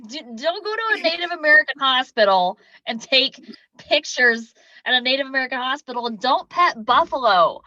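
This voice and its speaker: A woman's voice: sits high, lively intonation, moderate pace, sharp tone, dry recording. A woman from South Dakota hosting a casual podcast chat, blunt and profane in her reactions. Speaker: podcast host. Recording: slightly dull lo-fi sound.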